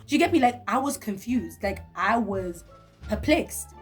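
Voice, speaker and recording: A young woman telling a story to her viewers in a vlog, lively and talking straight to the camera. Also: fairly high pitch, moderate pace, faint music behind. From South Africa. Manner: animated, talks straight to the viewer. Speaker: vlogger.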